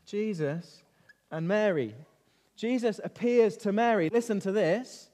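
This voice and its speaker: A man leading an interactive Bible lesson for children, lively and constantly asking them questions. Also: sits high, unhurried. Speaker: children's talk leader. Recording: reverberant hall.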